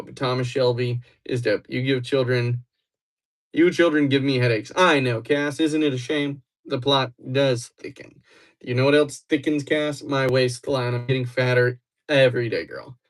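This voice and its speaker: A man talking loosely to his livestream audience in a teasing, playful way. He jumps into excited bursts as he reacts to viewers, then settles back into easy banter. His pitch sits right in the ordinary middle for a man. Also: moderate pace. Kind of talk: casual livestream chat with viewers.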